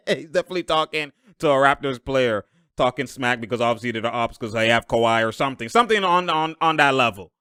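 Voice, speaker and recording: A young man giving loud, slangy live reaction commentary on a basketball game, laughing often and breaking into sudden outbursts. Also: mid-range voice, lively intonation, fairly quick, smooth, dry recording, studio quality.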